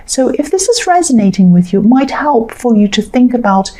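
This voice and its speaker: A woman's voice: on the high side, animated, brisk, dark tone. A woman chatting through a tarot card reading in a rambling, casual way, with lots of fillers and repeats. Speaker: tarot reader.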